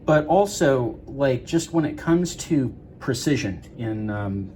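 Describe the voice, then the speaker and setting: A man's voice: medium pitch, lively intonation, slow, a little mellow, a little hiss or hum. A man working as a guitar repair tech, explaining a repair in a casual, rambling way with many fillers and restarts.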